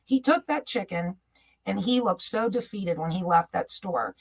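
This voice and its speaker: A woman's voice: mid-range voice, animated, normal speed, slightly rough. A middle-aged woman co-hosting a casual chat, telling personal stories in a heartfelt way. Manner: heartfelt storytelling. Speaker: co-host.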